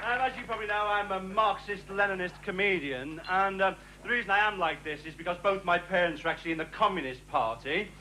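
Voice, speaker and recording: A man performing a stand-up routine with deadpan, sardonic patter. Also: high-pitched, fast talker, few pauses, slight background noise, poor audio. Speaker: stand-up comedian.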